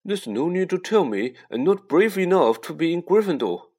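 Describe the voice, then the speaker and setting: A man's voice: fairly high pitch, sing-song, normal speed, darkish tone, husky, pitched above the performer's own voice. A man voicing a shy, nervous schoolboy wizard who talks in a choked, shaky way. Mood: upset.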